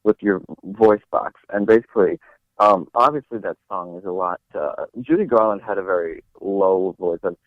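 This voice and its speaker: A young man with a lowish voice chats as an interview guest, stumbling through fillers and restarts. He comes through a tinny phone line with a dry sound. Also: moderate pace, no echo. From New York. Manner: hesitant, many fillers and restarts. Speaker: guest actor. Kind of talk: casual interview chat.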